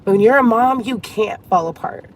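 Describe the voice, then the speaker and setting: A woman's voice: on the high side, moderate pace, a little hiss or hum. A woman from a Cuban family, upset and near tears, venting to her viewers in an emotional storytime vlog, talking to them like girlfriends. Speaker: vlogger.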